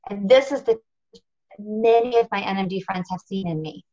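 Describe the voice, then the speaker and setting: A woman's voice: medium pitch, moderate pace, dark tone, dull audio. A woman telling her own story on a team conference call, earnest and confessional, stressing her points with repetition. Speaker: national marketing director speaking on a team call. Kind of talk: motivational talk on a conference call.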